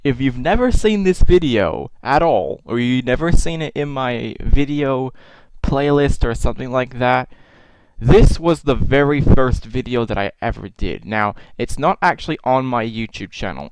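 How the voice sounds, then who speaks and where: A man's voice: medium pitch, lively intonation, normal speed, clear, resonant tone, no room sound, low-quality recording. A young man casually commenting on his own old videos, self-mocking and swearing freely, with exasperated outbursts.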